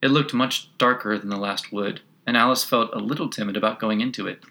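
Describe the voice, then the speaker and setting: A man narrating a children's classic as an audiobook, measured and expressive. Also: on the low side.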